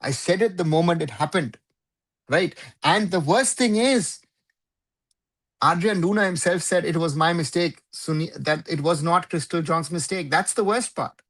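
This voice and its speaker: A man's voice: on the high side, normal speed, fairly bright tone. A man hosting a live football talk show, giving opinionated commentary in a conversational way and often checking in with "right?".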